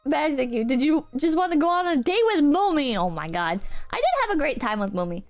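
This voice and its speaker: A young woman streamer recounts a story to her chat, excitable and dramatic, swearing freely. Her voice sits high and swings all over the place. Faint music plays underneath. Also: fairly quick.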